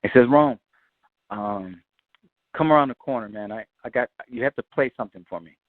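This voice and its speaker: A man, a guitarist, telling an animated, profane story and acting out the other people's voices. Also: medium pitch, brisk, no room sound, narrow, tinny audio. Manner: lively, swears freely, acts out quoted voices.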